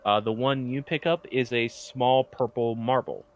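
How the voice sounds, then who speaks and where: A man's voice: mid-range voice, fairly even intonation, normal speed, muffled recording. A man narrating as game master of a tabletop game in an easygoing, descriptive way.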